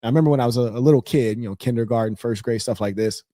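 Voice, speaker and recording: A man's voice: medium pitch, racing, warm tone, no echo, clean studio sound. A man hosting a casual livestream, talking loosely with slang and mocking asides. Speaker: livestream host.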